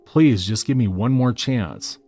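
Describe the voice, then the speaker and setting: A man's voice: medium pitch, a little slow, dark tone, faint music behind. A man voicing a tearful young woman who begs her boyfriend, in a pleading way.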